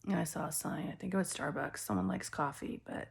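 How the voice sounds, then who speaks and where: A woman's voice: lowish voice, a little fast, vocal fry, few pauses, slightly rough. An older woman giving an intuitive collective tarot reading, rambling from thought to thought and trailing off into whispered asides. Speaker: tarot reader and spiritual healer.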